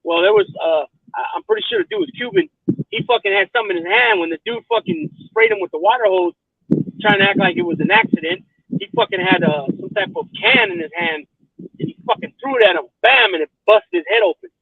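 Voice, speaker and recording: High-pitched, gravelly man on a phone line. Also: huge pitch swings, fast, no echo. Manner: profane, rambling, keeps asking "you know what I mean". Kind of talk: casual chat. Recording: tinny phone line, dry.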